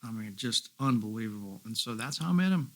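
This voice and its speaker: A man's voice: fairly low pitch, brisk. A middle-aged man, a guest musician, casually telling rambling anecdotes and quoting others along the way. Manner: relaxed rambling anecdotes, quotes others, swears. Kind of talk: casual storytelling.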